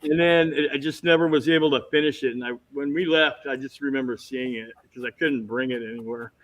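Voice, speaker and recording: A man telling lively stories as a guest on a casual video-call chat, jumping into quick impressions. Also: mid-range voice, low-quality recording. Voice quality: bald. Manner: animated anecdotes with impressions.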